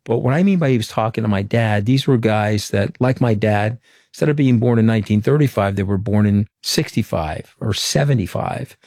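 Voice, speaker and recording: A man's voice: fairly low pitch, normal speed, darkish tone, no echo, studio quality. A middle-aged man from Long Island, New York, speaking as an interview guest and telling candid, anecdotal stories in a frank, emphatic way. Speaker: interview guest, former political communications director.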